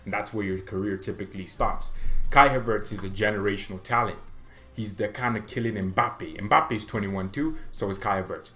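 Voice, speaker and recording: A man's voice: on the low side, moderate pace, sharp tone. Opinionated young man rambling about football. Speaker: fan channel host. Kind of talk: casual football commentary monologue.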